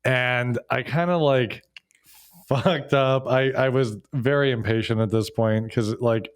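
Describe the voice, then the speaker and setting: A man's voice: mid-range voice, steady tone, unhurried. A man co-hosting a podcast in casual chat, laid-back, laughing often while telling stories about his own mishaps. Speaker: podcast co-host.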